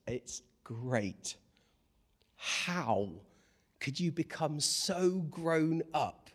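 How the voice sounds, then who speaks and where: A man with a slightly high voice preaches in a British accent. He is animated and playful, dropping to soft, low asides and then rising to loud, excited exclaiming. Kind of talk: lively sermon.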